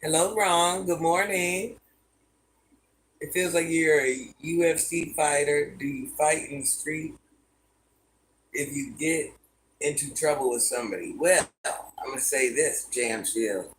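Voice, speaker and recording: A woman's voice: deep voice, measured pace, pauses often, a little hiss or hum. A woman in her fifties hosting a livestream from home, reading her viewers' comments aloud and answering each one in an easygoing way. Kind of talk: casual live-stream chat.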